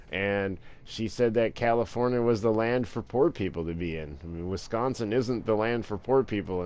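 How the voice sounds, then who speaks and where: A man's voice: on the low side, a little mellow. A man talking in a rambling, crude, profane casual monologue while playing a game. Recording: noisy with vehicle sounds behind.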